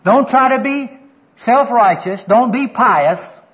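A man's voice: extremely high pitch, expressive, takes it slowly, fairly bright tone. A middle-aged man preaching a sermon, telling personal stories earnestly and quoting people aloud. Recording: dull lo-fi recording.

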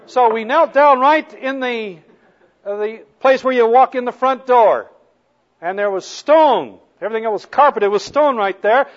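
A man preaching a sermon as a story, animated, moving from soft to loud. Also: very high-pitched, unhurried, muffled recording.

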